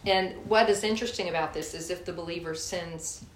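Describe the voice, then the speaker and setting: A woman's voice: on the low side, fairly quick. A woman giving a candid, folksy sermon with a personal story, speaking to a church group and calling them y'all. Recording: echoey room, faint hiss.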